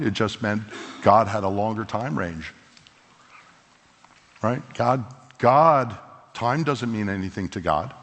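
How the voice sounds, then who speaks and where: A man preaching a sermon as pastor, animated and conversational, leaning into quoted lines. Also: mid-range voice. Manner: animated, acts out voices of biblical figures in quotes. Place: church sanctuary. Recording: long hall reverb.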